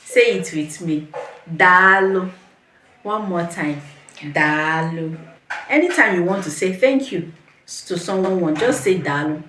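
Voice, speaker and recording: Encouraging woman teaching phrases, lively pitch. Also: roomy sound, a little hiss or hum. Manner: patient, encouraging, repeats phrases slowly for the viewer. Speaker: language teacher. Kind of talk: beginner language lesson with call-and-repeat.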